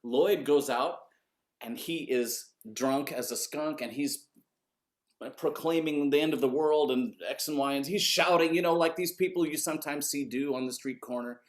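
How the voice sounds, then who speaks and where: A man, an orchestra conductor, telling a story in an animated, conversational way and swearing casually. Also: a little high, moderate pace.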